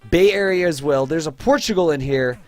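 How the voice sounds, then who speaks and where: A man from Texas hosting a livestream, excitedly thanking viewers and reading their names and places aloud from the chat. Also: fairly high pitch, a little fast, faint music behind. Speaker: livestream host. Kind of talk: live-stream chat shout-outs.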